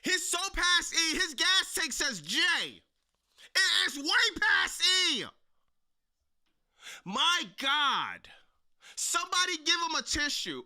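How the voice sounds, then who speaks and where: A man with a high, very bright and cutting voice gives live-stream reaction commentary on wrestling. He mocks loudly, repeats phrases for comic effect and breaks into sudden shouts. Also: big pitch swings, slow pace. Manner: loud, mocking, bursts into shouts.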